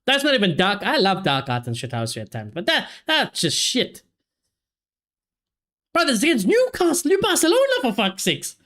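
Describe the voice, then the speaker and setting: A young man hosting a live football watchalong, reacting excitedly, swearing heavily and shouting when his team scores. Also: high-pitched, normal speed. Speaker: watchalong streamer.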